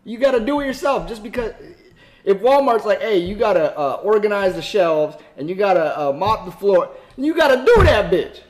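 A man's voice: high-pitched, lively intonation, moderate pace, darkish tone. A man hosting a reaction video, casual and profane, talking back at the screen.

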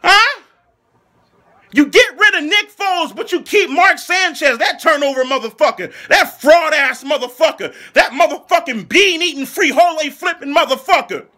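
A man delivering a furious, mocking, heavily profane comedic rant as an angry football fan, breaking into shouts. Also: extremely high pitch, lively intonation, normal speed, few pauses. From Philadelphia. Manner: furious, mocking, heavy swearing, shouting bursts.

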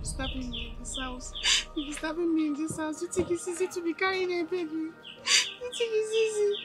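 A woman's voice: very high-pitched, brisk, over loud music. An actress with a Nigerian accent playing a hungry pregnant young wife who pleads, accuses and curses her husband. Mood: desperate. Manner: wailing, accusing, cursing. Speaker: actor.

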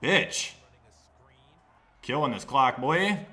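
A young man commentating his own football video game, ranting and yelling at the plays. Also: mid-range voice, lively intonation, drawn-out words. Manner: glum, subdued wrap-up talk to viewers. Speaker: gaming video creator. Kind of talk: live gameplay commentary.

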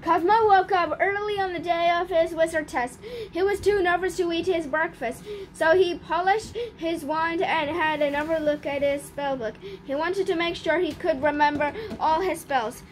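A woman reading a children's picture book aloud in an expressive, careful storytelling manner. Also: very high-pitched, moderate pace, a little hiss or hum. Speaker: storybook reader.

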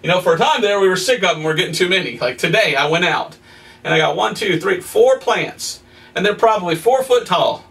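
A male evangelist teaching a sermon in a folksy, animated way, reading scripture and telling homey stories with excited exclamations. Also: high-pitched, a little fast, creaky, distant mic.

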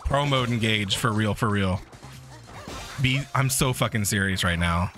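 A man's voice: unhurried, a bit bright, faint music behind. Foul-mouthed man ranting over gameplay. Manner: foul-mouthed, ranting at the game, voice cracking high when frustrated. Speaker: streamer. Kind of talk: live gameplay commentary.

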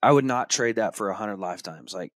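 A man in his thirties hosting a podcast, telling a hunting story in a casual, animated way. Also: fairly low pitch, brisk, dry recording, clean studio sound. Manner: animated retelling, acts out his son's excited shouts. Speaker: podcast host.

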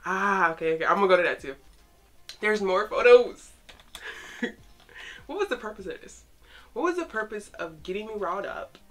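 A young woman chatting casually as she reacts to photos, excitable and teasing, talking straight to the pictures. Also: medium pitch, moderate pace, pauses often, soft background music. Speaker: fan vlogger reacting to photos.

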